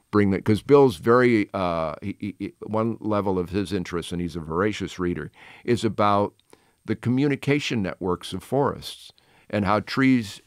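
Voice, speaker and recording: A man in his sixties, a television host, telling chatty anecdotes with quick asides in a casual interview. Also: low voice, smooth, dry recording, studio quality.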